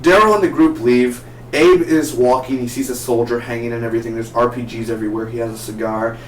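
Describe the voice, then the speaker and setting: A man giving a casual, excitable TV review, rambling and asking his viewers questions, recorded in a roomy space from a distance. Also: medium pitch, quick pace. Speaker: TV show reviewer. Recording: roomy, distant mic, faint noise.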